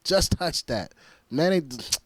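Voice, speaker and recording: A man's voice: on the high side, lively intonation, slow pace, husky, dry recording. A man casually chatting through a reaction video, laid-back and slangy, full of "like.". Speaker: reaction video host and rapper.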